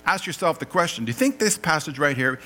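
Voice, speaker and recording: Bright-voiced joking preacher. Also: male voice, a little high, quick pace, soft background music, low-quality recording. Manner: animated and joking, laughing at his own lines. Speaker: pastor. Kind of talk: sermon. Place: church.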